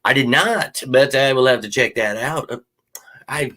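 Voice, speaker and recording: Bright-voiced man rambling on a livestream. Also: medium pitch, moderate pace. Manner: loose and rambling, swears casually, calls listeners man and dude. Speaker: sports show host. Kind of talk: casual live Q&A chat. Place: home office.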